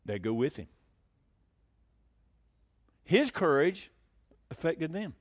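A male pastor preaches with a high voice that swings widely up and down. He presses his points with rhetorical questions and short chuckles, and his delivery stays animated throughout the sermon. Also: slow pace.

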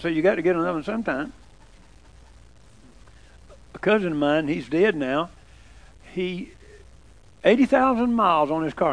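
A man's voice: high-pitched, vocal fry. An older man preaching a folksy sermon, chatting with the congregation and asking them questions. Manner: conversational, asks the congregation questions.

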